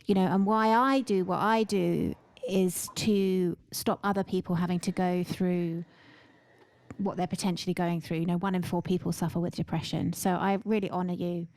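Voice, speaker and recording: A woman's voice: on the low side, fairly even intonation, normal speed, dry recording. A woman hosting a podcast who responds effusively and asks her guest questions. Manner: warm, effusive listener with frequent affirmations. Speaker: podcast host. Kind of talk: interview conversation.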